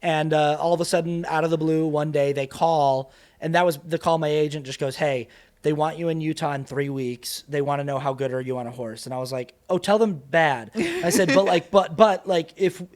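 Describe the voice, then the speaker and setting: A man with a somewhat high voice tells a story on a casual podcast. He laughs a lot as he goes and acts out other people's lines with loud bursts. His delivery stays loose and chatty. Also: brisk. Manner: animated, laughing, acts out quotes in raised voice. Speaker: guest actor and creator.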